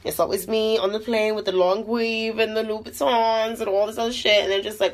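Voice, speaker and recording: An upset woman records an angry rant at an airport, cursing and stumbling over fillers as she tries to calm herself. Her voice sits at an ordinary middle pitch. Loud airport and vehicle noise runs under the phone recording. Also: brisk, rough recording. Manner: agitated, profane, full of "like" fillers. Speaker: vlogger venting after a flight.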